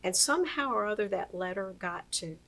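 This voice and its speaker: A woman's voice: medium pitch, animated, a little fast, gravelly, fairly bright tone, poor audio. A woman interviewing a guest, asking questions and giving short encouraging replies. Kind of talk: interview questions and brief responses.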